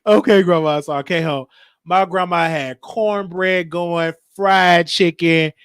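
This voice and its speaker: A man's voice: high voice, fairly even intonation, takes it slowly, fairly bright tone, clear, resonant tone, dry recording. A man in his thirties from Chicago, hosting a show and telling a personal story in an emotional, rambling way with many restarts. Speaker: show host.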